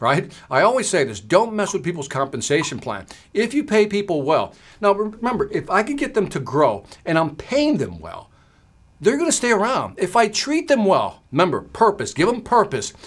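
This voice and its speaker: A man hosting a livestreamed sales lesson from his studio, asking the audience quick rhetorical questions as he goes. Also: sits high. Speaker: sales trainer and livestream host. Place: home studio.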